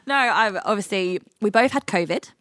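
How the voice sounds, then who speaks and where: A woman's voice: medium pitch, animated, moderate pace, fairly bright tone, no echo, studio quality. A young woman from England co-hosting a podcast, bubbly and playful, laughing often and breaking into sing-song bits. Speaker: podcast co-host. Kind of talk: giddy casual chat.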